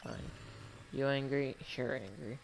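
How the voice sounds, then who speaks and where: A man's voice: mid-range voice, steady tone, measured pace. A man giving joking, casual commentary while playing a video game, talking back to the characters on screen. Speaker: gamer. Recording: loud gunfire and game noise behind.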